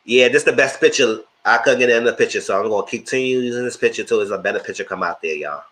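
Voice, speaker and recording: A man hosting a live show, giving animated, opinionated commentary on reality TV and talking straight to his viewers. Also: medium pitch, racing. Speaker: host reviewing reality TV.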